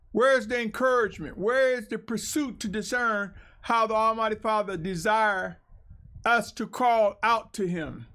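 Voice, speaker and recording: A man preaching a sermon and reading scripture aloud, earnest and emphatic, with drawn-out pauses. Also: extremely high pitch, pushed and bright.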